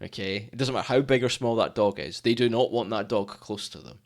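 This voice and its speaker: A man's voice: lowish voice, a little fast, vocal fry. A man co-hosting a casual nature chat, telling stories and acting out the people he quotes. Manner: animated storyteller, acts out quoted people. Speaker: podcast co-host.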